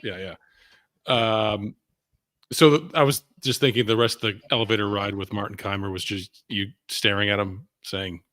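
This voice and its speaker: A man co-hosting a casual golf betting chat, chiming in with quick questions and short reactions. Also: fairly low pitch, steady tone, a bit bright.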